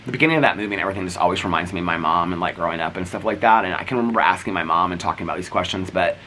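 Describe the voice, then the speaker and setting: Deep-voiced man rambling to camera. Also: rapid-fire, sharp tone, a little hiss or hum, rough recording. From United States. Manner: rambling, retells scenes acting out each line. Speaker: vlogger. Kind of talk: casual chat to camera.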